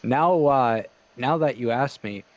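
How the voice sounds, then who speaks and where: Slow-talking man, halting and deadpan. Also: medium pitch, no echo, dull audio. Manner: halting, deadpan, many fillers. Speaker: podcast co-host. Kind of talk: casual chat.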